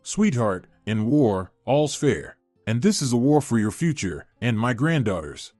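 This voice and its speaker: A domineering older mother-in-law, scornful and commanding, as a male storyteller reads her lines. The delivery rises and falls with lively pitch. It sits dry and close with faint music underneath. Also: a little slow, no room sound. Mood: scheming.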